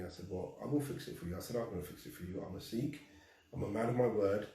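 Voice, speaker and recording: A man with a very deep voice tells a personal story with energy. He acts out the dialogue and laughs at himself. He sounds a bit distant from the mic, in a room with a noticeable echo. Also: fast, mellow, a little hiss or hum. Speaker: guest.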